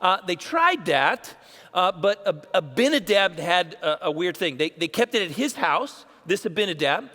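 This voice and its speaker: A man's voice: sits high, very animated, normal speed, pushed and bright, big-room sound. A man, a pastor, preaching a sermon in a casual storytelling way, acting out bits of dialogue.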